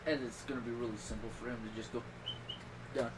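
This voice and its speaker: A middle-aged man hosting a podcast, chatting casually and telling rambling stories with sudden loud bursts. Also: mid-range voice, fast talker, distant mic. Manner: rambling, animated storytelling with loud outbursts. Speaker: podcast host. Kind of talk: casual chat. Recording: voice a little off-mic with clear background noise.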